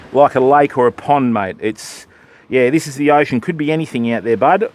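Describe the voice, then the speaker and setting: An Australian man chatting casually with viewers on a live fishing stream from an outdoor beach. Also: on the high side. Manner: chatty, matey, answering viewers.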